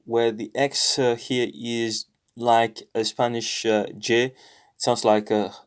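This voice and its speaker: Slow-talking British man explaining a lesson. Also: mid-range voice, flat delivery, clear, resonant tone. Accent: British English. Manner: thinking aloud, explains patiently with many pauses and self-corrections. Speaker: language learner sharing lessons. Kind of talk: screen-recorded lesson walkthrough.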